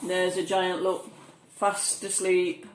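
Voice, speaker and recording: A female storyteller reads a children's picture book aloud, gently coaxing listeners as she points out the pictures. Her voice is low, monotone, and slow, echoing in the room over a faint hiss.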